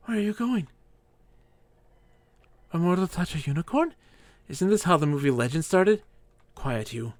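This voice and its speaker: A man's voice: on the high side, expressive, normal speed, long pauses, a little mellow, no echo. A drunk man streaming a game live, rambling and giggling as he talks, sometimes squealing and sometimes murmuring. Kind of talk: live gameplay commentary.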